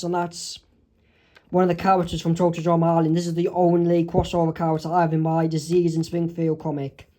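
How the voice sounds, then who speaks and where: A man casually narrating his own fan comic, halting and restarting as he goes. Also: a little high, completely flat delivery, darkish tone. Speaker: comic artist.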